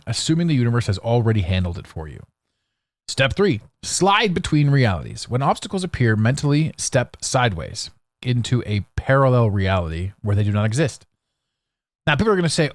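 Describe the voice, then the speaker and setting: A man hosting a solo podcast, talking in a blunt, sarcastic, animated way with frequent restarts. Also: mid-range voice, a little fast, no echo. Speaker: podcast host.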